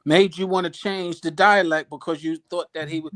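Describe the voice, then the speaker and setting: A man's voice: on the high side, fairly even intonation, normal speed, a bit bright. A man hosting a casual panel discussion, speaking emphatically and turning to address the audience.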